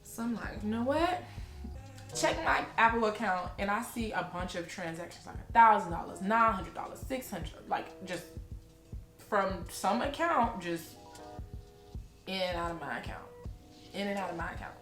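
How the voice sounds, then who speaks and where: A woman's voice: medium pitch, moderate pace, roomy sound, faint music behind. A young woman, casually telling a storytime and acting out both sides of the talk. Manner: animated retelling, acts out both sides of the talk. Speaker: vlogger.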